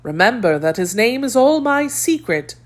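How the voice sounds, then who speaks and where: A woman's voice: fairly high pitch, very animated, moderate pace, voice pushed up. A woman voicing a proud, manipulative noblewoman in an audiobook, coaxing and calculating. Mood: scheming. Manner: coaxing, calculating, softly haughty.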